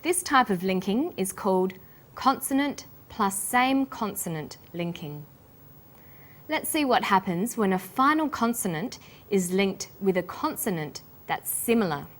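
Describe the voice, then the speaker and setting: A woman with an Australian accent hosting a scripted English pronunciation lesson, speaking slowly and articulating each word clearly. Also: mid-range voice, animated. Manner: slow, deliberate, clearly articulated. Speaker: English teacher and host.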